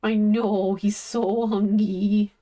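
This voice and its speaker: Slow-talking woman streamer coaxing her pets. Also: mid-range voice, level tone, dark tone. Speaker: live streamer. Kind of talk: casual live-stream chat.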